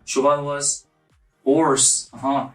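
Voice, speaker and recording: A man's voice: medium pitch, little pitch movement, slow, a bit bright, soft background music. A man giving a casual online language lesson, repeating each word several times so viewers can copy it. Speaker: language teacher. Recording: echoey room, mic at a distance.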